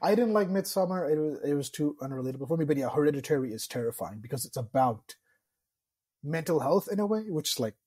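A man's voice: a little high, lively intonation, fast, mellow, breathy edge. A young man in his twenties, a podcast guest chatting casually and a bit hesitantly. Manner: hesitant, laughs along. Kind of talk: casual chat.

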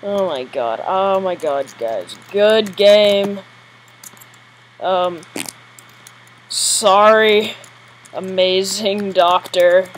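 Woman gamer, live play commentary, jumpy and giggly, mid-pitched voice, faint hiss behind. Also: extremely slow, pauses often, low-quality recording. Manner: excitable, jittery, giggly.

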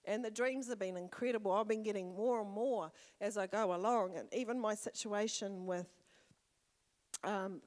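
An older woman with a New Zealand accent preaches a personal testimony, lively and fervent with bursts of loud exclamation. Her voice sits at an ordinary pitch for a woman. The sound carries the long reverb of a church hall. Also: fairly quick, few pauses. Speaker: church elder. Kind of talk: sermon testimony.

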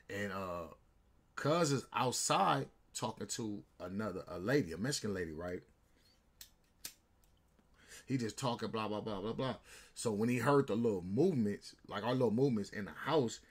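Husky man telling a street story. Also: medium pitch. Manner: rambling, slangy street talk. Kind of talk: casual storytelling.

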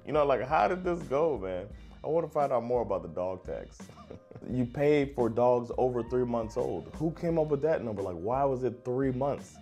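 An American man hosting a casual reaction video, talking in lively, rambling asides and laughing often. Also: mid-range voice, normal speed, soft background music. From United States.

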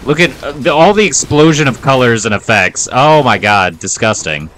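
A man's voice: medium pitch, expressive, moderate pace, a bit bright, a little hiss or hum. A man giving playful, self-mocking commentary while playing a video game. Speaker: gaming video host. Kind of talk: let's play commentary.

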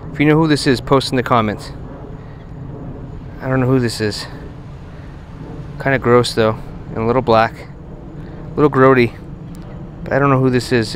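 A man giving casual running commentary while metal detecting on a beach at night, chatting to his finds with excited bursts. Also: medium pitch, a little hiss or hum. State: out of breath.

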